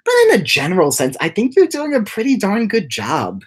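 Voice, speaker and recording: A man hosting a casual livestream, rambling through his thoughts and reading chat comments, with many restarts and repeated words, and often jumping up into high, giddy laughing bursts. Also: wildly swooping pitch, fairly quick, husky. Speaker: livestream host and animation creator.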